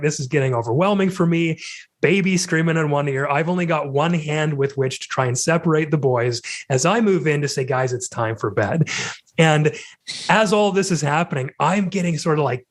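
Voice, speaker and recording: A man who is a guest on a podcast, telling a personal story candidly and reflectively. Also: on the high side.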